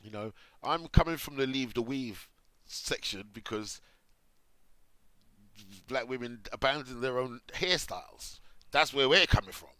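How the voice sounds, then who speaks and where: A man's voice: medium pitch, expressive, a little slow, long pauses, sharp tone, dry recording. A middle-aged man from Jamaica giving off-the-cuff commentary, reading articles aloud and reacting with sarcasm. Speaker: commentary host.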